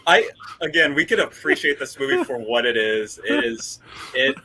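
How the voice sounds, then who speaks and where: Animated man chatting about movies. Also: medium pitch, normal speed, very noisy. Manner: animated, laughs often, trails off. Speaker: host. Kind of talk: casual movie discussion.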